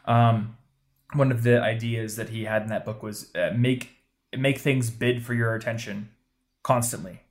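A man's voice: medium pitch, steady tone. A man co-hosting a podcast, giving blunt, emphatic advice in casual chat. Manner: emphatic, punchy advice-giving with quick asides. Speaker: podcast co-host.

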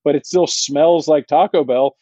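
A man co-hosting a casual sports podcast, talking haltingly with many fillers. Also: a little high, dark tone, no room sound, dull audio. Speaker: podcast co-host.

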